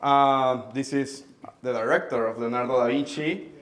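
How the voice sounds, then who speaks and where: Young man, friendly and halting. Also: medium pitch, steady tone, a bit bright. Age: 20s. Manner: friendly, halting, searching for English words. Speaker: guest speaker. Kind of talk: introducing a team at a press conference.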